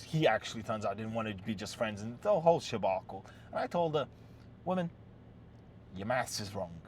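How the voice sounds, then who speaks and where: A man's voice: lowish voice, a little mellow. Guy ranting relationship advice, swears a lot, keeps asking "yes?", light hiss in the background. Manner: blunt and profane, peppered with "yes?" and "right?". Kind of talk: casual storytelling monologue.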